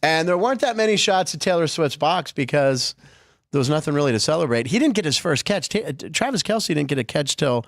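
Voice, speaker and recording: A man's voice: fairly high pitch, expressive, a little fast. A man hosting a sports podcast, chatting casually with wry, sarcastic asides.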